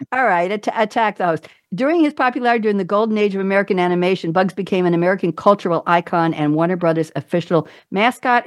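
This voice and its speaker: A woman's voice: medium pitch, dry recording, studio quality. Chatty woman hosting a talk show. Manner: chatty, animated, playful asides. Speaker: podcast host. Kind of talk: casual interview talk show.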